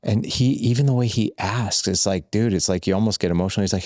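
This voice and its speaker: A man guest on a podcast, telling animated stories that act out quoted lines, with lots of filler words. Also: low voice, quick pace, hardly any pauses, no echo, clean studio sound. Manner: rambling, heavy use of filler words. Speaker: guest, fatherhood coach. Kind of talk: conversational podcast storytelling.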